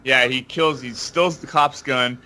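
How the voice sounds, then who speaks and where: A man's voice: medium pitch, fairly even intonation, unhurried, pushed and bright. A man on a casual gaming podcast, walking step by step through the choices he made in a game. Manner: walks through events step by step.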